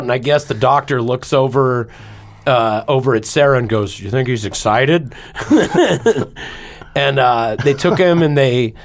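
A man on a podcast telling a personal story in casual chat, animated and swearing freely, acting out his own shouts. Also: mid-range voice. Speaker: podcast co-host.

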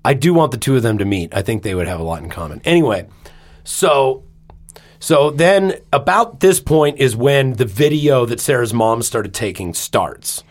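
Animated man telling a story. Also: mid-range voice, normal speed. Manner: animated, swearing, acts out his own shouts. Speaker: podcast co-host. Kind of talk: casual storytelling chat.

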